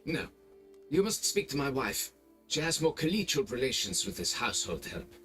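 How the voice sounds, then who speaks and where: A man's voice: medium pitch, very animated, moderate pace, a bit bright, soft background music. A haughty, lilting game nobleman. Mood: dismissive. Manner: haughty, fussy and condescending. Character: pompous middle-aged nobleman, haughty and demanding. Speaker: vineyard owner hiring a monster hunter. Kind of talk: video game voice acting.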